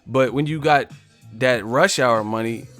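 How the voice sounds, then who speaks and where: Brash, mocking livestream host. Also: male voice, mid-range voice, a little slow, fairly bright tone, soft background music. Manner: confrontational, profane, mocking. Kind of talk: live-stream chat, roasting commenters.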